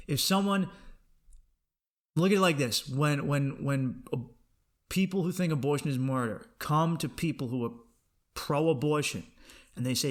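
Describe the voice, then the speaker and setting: A man hosting a comedy podcast, delivering a profane, animated rant and acting out other people's voices in quotes. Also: mid-range voice, normal speed. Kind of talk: ranting comedic monologue.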